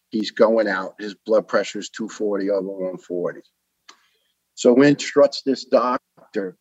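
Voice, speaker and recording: Gravelly-toned older New storyteller. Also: male voice, fairly low pitch, dry recording, highs cut off. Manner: animated storyteller who acts out the people he quotes. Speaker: retired firefighter telling his story. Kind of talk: storytelling in a podcast interview.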